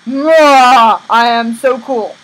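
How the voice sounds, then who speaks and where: A woman's voice: a little high, very slow, fairly bright tone, poor audio. A woman voicing a boastful evil king who gloats and brags. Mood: gloating.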